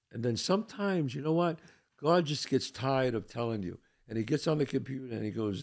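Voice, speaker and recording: A man's voice: on the high side, big pitch swings, fairly quick, a little mellow. An older man hosting a podcast, talking casually and earnestly, repeating his points with blunt emphasis and a little swearing. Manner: blunt, mildly profane. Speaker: podcast host. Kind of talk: casual monologue.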